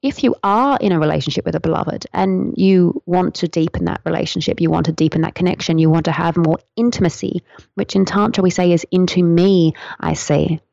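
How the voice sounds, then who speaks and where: A woman talking as a podcast guest, explaining tantra in a flowing, earnest, gently instructive way. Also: fairly low pitch, fairly quick, gravelly, no echo. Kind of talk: podcast interview answer. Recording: dry, dull lo-fi sound.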